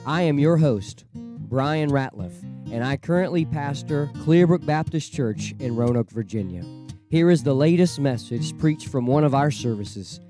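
Male pastor-host, scripted intro read, guitar music clearly audible behind. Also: mid-range voice, animated, a little slow.

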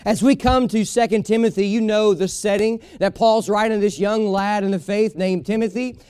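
A man's voice: high-pitched, steady tone, normal speed, darkish tone, smooth, no room sound, clean studio sound. A man preaching a sermon as a pastor, emphatic and folksy, repeating his key lines for weight.

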